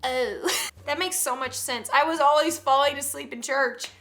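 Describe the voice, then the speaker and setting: A young woman doing comedic commentary, laughing often and jumping into loud put-on voices. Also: high voice, steady tone, normal speed, faint music behind. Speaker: comedy YouTuber reacting to parenting tweets.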